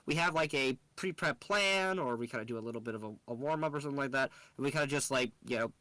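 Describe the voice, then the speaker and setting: A man's voice: mid-range voice, quick pace, bright, forceful tone, no room sound. A man co-hosting a casual podcast, rambling with lots of fillers and laughing easily. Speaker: podcast co-host. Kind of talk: casual chat.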